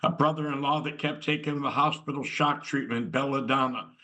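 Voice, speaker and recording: A man co-leads a recovery meeting over a video call. He speaks in a wry, conversational tone at an average pitch, easing from joking asides into his story. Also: steady tone, a little fast, sharp tone, low-quality recording. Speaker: meeting co-leader.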